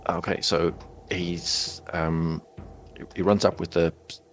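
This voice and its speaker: Deep gravelly-voiced man playing a tabletop game. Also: flat delivery, takes it slowly, soft background music. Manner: hesitant, stumbling over words. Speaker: player. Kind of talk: casual tabletop play.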